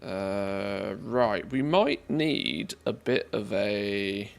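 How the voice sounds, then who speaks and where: A man's voice: lowish voice, extremely slow, vocal fry. A man streaming a game, chatting casually and thinking aloud as he plays. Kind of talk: casual live-stream commentary.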